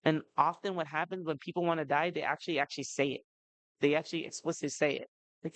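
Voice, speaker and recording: At a family seminar, a man in his thirties with a slightly high, fairly even voice talks quickly to parents at a community event, chatting and tossing in lots of "you know" and "right?" asides. The recording is low quality, with no room sound.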